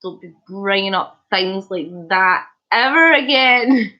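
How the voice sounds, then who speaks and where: A woman's voice: medium pitch, slow pace, sharp tone, muffled recording. A woman hosting a casual live stream, chatting and joking as she reads viewer comments. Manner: chatty, jokey, punning, laughs often. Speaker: livestream host.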